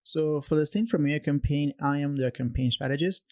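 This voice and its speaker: Fast-talking man telling his story. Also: on the high side. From Canada. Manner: animated, acts out quoted voices, many restarts. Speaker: podcast guest. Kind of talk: conversational storytelling.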